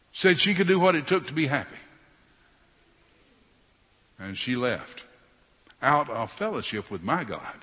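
A man preaching a sermon, swinging between loud emphasis and quiet sarcastic asides. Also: a little high, slightly rough. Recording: long hall reverb.

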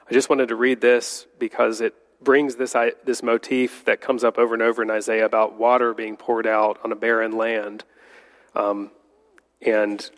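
Male Bible teacher, unhurried, fairly low voice, long reverb of a big room. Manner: unhurried, stops to correct slips while reading. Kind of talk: Bible study teaching, reading scripture aloud.

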